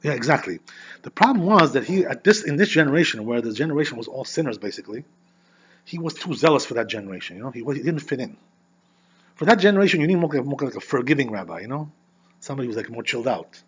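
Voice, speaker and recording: A man who is a rabbi teaching an informal Torah class, animated and constantly checking in with "you know" and "right?". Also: medium pitch, fast, husky, muffled recording.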